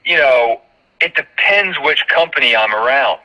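A man's voice: mid-range voice, unhurried. A man from Georgia with a light Southern accent, talking animatedly as a broadcaster guest in a casual interview. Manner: animated, emphatic, storytelling with quoted voices. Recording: muffled lo-fi phone-like line.

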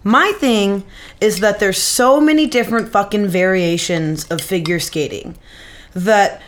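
A woman's voice: medium pitch, unhurried. A woman with a mid-range voice, chatting on a podcast. She rambles, swears freely and defends her opinions in an offhand way. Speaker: podcast co-host. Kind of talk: casual chat.

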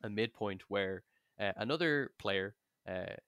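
Lowish-voiced man telling a story. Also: unhurried, smooth, no room sound, clean studio sound. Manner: animated, rambling storyteller, many fillers and restarts, swears freely. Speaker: guest, game master. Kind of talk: casual podcast chat, storytelling.

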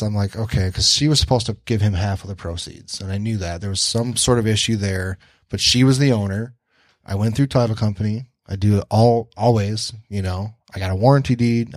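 A podcast host from the Detroit area tells a story in a relaxed way, cursing freely and performing the voices of the people involved. His voice is on the low side, a little fast and slightly mellow, with no room sound.

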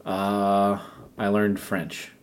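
A man's voice: fairly low pitch, monotone, drawn-out words. A man co-hosting a podcast, talking in a laid-back, rambling way and laughing easily. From United States. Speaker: podcast co-host. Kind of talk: casual chat.

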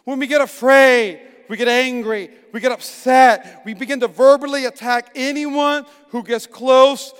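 A middle-aged pastor preaching a sermon, swinging from hushed tones to emphatic shouts. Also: male voice, extremely high pitch, fairly even intonation, measured pace, hardly any pauses, clear, resonant tone. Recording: long echoing reverb.

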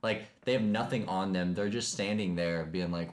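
A young man from Kentucky co-hosting a casual podcast, telling stories in a jokey, animated way. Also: low voice. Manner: jokey, animated storytelling with quick voiced asides. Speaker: podcast co-host. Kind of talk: casual chat.

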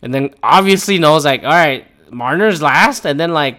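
A young man giving casual, rambling commentary as a podcast host, profane and full of animated quoted asides. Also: on the high side, moderate pace, few pauses.

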